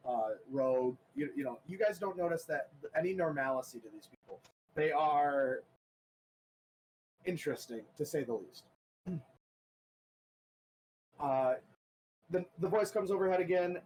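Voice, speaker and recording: A man runs a tabletop game, narrating the scene slowly with lots of ums and restarts. His voice sits a little higher than most men's. There is a faint hiss of background noise. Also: a little mellow, rough recording. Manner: halting, full of ums and restarts. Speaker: game master.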